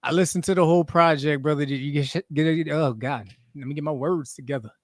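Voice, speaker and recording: A man co-hosting a podcast in an animated, slangy way, reading out viewer comments. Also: a little high, quick pace, no echo, studio quality. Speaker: podcast co-host. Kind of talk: casual chat.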